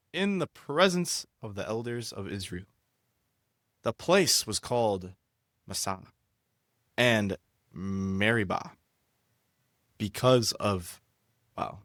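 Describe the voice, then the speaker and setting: A young man co-hosting a casual podcast, hyper and rambling with a jokey streak. His voice sits on the low side. The sound is close and dry. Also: a bit bright, dry recording. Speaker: podcast co-host. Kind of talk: casual podcast chat and scripture reading.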